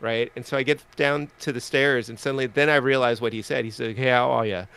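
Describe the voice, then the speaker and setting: A man with a gravelly yet smooth, resonant voice tells a story on a casual stream. He is animated and laughs at himself, and his voice rises as the tension builds. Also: medium pitch, quick pace. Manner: animated, self-deprecating storyteller. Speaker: co-host.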